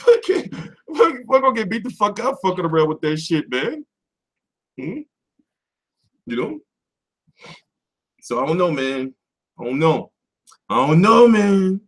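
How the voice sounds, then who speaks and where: Male stream host, high and lively voice, profane off-the-cuff rant from his home setup. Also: slow, long pauses. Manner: animated, swearing, jumps between loud and mumbled. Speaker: boxing commentary livestream host.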